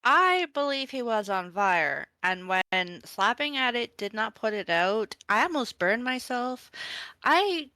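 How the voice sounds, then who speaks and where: A woman's voice: on the high side, sing-song, slow, sharp tone, no echo. A woman playing in an online tabletop game, playful and indignant in casual chat. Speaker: player.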